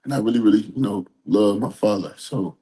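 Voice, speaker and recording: A man with a somewhat low, warm and mellow voice talks openly in a casual interview. He rambles a little, circling back with fillers, and stays earnest throughout. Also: a little fast. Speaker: interview guest.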